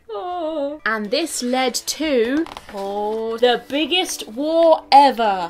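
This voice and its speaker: A woman YouTuber reading a children's book aloud with commentary, animated and giggly, gasping at the pictures. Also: fairly high pitch.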